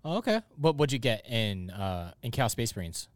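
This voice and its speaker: A man's voice: mid-range voice, moderate pace, no echo. A man hosting a casual gaming podcast, introducing guests with upbeat patter. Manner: upbeat, animated host patter. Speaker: podcast host.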